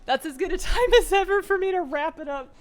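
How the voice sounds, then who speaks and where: Streaming a video game, a woman chats casually and briskly with viewers, laughing often. She switches to high baby talk when addressing her pets.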